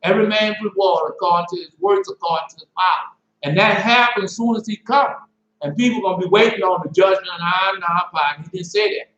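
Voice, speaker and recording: Male preacher, high voice, excitable and slangy, dull echoey lo-fi recording. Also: quick pace. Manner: excitable, preachy, slangy, keeps saying "man" and "boy". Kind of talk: informal sermon and Bible teaching. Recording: echoey room, dull lo-fi sound.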